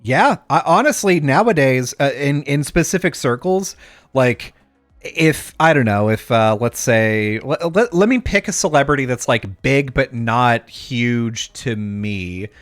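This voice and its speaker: A man's voice: mid-range voice, animated, unhurried, a bit bright, dry recording, faint music behind. A man co-hosting a podcast, rambling in casual chat, swearing freely and restarting his sentences. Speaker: podcast co-host.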